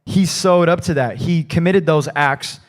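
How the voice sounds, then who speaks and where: A man's voice: on the high side, a little slow. A man preaching a conversational sermon in a church, talking casually and loosely, often adding "like" and "right?". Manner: casual, rambling, peppered with "like" and "right?". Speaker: pastor.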